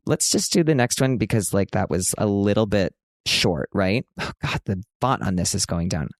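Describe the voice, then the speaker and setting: A man's voice: lowish voice, lively intonation, normal speed, no room sound, clean studio sound. A man in his thirties hosting a casual podcast from a hotel room, chatty and self-mocking, now and then jumping into a big dramatic announcer voice. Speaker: podcast host.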